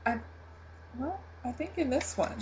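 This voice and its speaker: A woman co-hosting a casual TV recap chat, giggling often and pausing with ums and restarts. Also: high voice, lively intonation, a little hiss or hum, low-quality recording. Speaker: podcast co-host.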